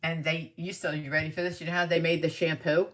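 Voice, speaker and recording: Low-voiced woman rambling through stories. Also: quick pace. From New York area. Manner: animated, rambling storyteller with asides. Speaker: tarot reader. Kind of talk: casual live tarot reading with storytelling.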